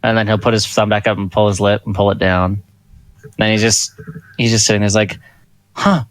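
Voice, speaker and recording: A man's voice: lowish voice, flat delivery, fast, no echo. A man narrating as game master of a tabletop game, laid-back and full of fillers.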